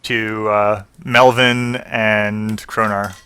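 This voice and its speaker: A man narrating as game master in a tabletop game, pausing often with fillers and restarts. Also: mid-range voice, sharp tone, clear, resonant tone. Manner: hesitant, with many fillers and restarts.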